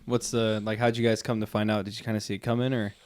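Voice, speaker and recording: A man co-hosting a podcast, interjecting with short reactions and quick follow-up questions in casual chat. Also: fairly low pitch, little pitch movement, darkish tone, clean tone, no echo, clean studio sound. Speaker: podcast co-host.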